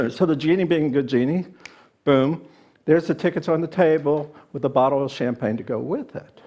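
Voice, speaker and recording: A man's voice: fairly high pitch, moderate pace, a little mellow. A man minister giving a sermon to a congregation, a jokey storyteller who turns reflective when he teaches. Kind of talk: sermon with jokes and readings. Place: spiritual center service before a live audience.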